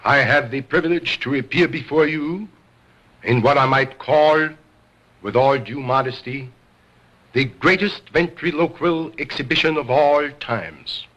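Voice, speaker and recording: A man's voice: mid-range voice, measured pace, a bit bright. Grand showman ventriloquist man. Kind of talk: stage comedy act.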